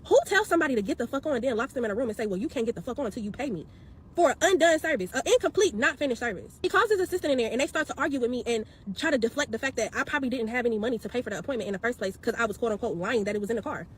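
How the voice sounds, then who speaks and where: A woman retelling a bad experience in an animated, slangy, exasperated storytime style, acting out what people said. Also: on the high side, rapid-fire, hardly any pauses, slightly rough. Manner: expressive, slangy, exasperated, acts out quotes. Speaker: storyteller vlogger.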